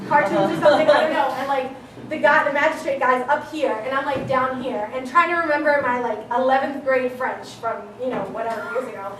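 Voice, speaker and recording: A young woman with a high voice tells a comic story on stage, animated and full of "like" and casual swearing. Her voice bounces around a big echoey hall, picked up from far off with faint noise behind. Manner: animated, heavy use of "like", swearing. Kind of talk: live comedic storytelling. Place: live venue.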